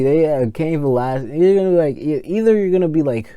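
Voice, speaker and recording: A man's voice: a little high, normal speed, clean tone, no echo, clean studio sound. Rambling young man ranting casually. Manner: animated, rambling, lots of fillers and repeats. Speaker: wrestling review vlogger. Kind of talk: casual rant to camera.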